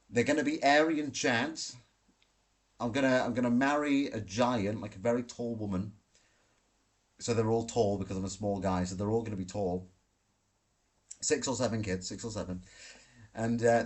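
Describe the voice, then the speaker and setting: A man's voice: fairly low pitch, breathy edge. A man hosting a live Q&A stream from a hotel room, answering chat questions in a brash, profane, ranting way. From Britain. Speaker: livestream host.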